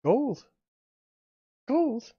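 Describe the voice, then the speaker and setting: A game master voicing a sly male tavern owner who makes deals, with a put-on Scottish accent and a smooth manner that calls people darling. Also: sits high, big pitch swings, drawn-out words, dark tone, no room sound, pitched above the performer's own voice, full character voice. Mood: wheedling. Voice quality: lilting put-on brogue. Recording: dry, slightly muffled recording.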